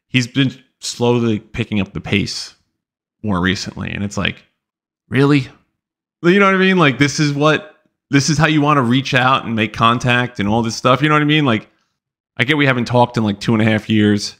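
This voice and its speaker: A man's voice: medium pitch, expressive, normal speed, fairly bright tone. A young man hosting a podcast, casually telling a long story in a rambling, profane, exasperated way. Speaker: podcast host.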